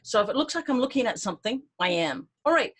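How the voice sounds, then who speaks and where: A woman's voice: high-pitched, expressive, fast talker, fairly bright tone, breathy edge. A middle-aged woman hosting, chatting enthusiastically and informally about an upcoming tour, with many fillers and restarts. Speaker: tour host. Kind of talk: casual promotional talk to camera.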